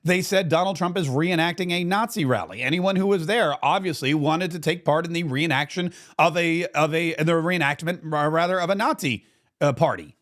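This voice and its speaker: A man's voice: fairly high pitch, moderate pace, fairly bright tone. A man hosting a political commentary show, telling the story with indignant sarcasm. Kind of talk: opinion commentary monologue.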